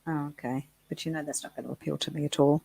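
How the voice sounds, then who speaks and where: A woman co-hosting a casual live chat show, chatty and giggly, thinking out loud. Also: sits low, steady tone, quick pace, vocal fry, a crowd in the background, poor audio.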